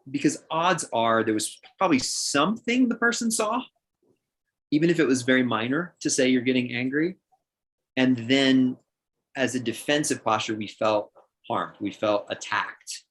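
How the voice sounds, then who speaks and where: A man's voice: mid-range voice, a bit bright. A middle-aged man on a livestream answers questions as a counselor. He is thoughtful and often restarts his sentences. He acts out examples of how people talk. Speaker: counselor guest.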